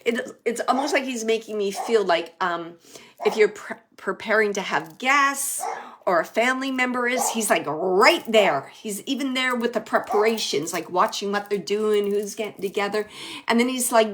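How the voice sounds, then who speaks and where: A woman medium giving a live reading to an audience, relaying messages in a chatty way with many fillers and sometimes dropping to a soft hush. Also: medium pitch, animated, normal speed, noisy background. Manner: drops to a soft hush at times.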